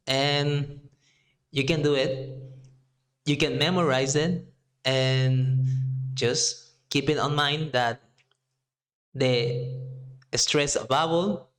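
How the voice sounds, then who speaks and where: A man with a Mexican Spanish accent teaching Spanish in English, speaking slowly and deliberately and drawing out example words. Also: mid-range voice, fairly bright tone. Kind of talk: language lesson.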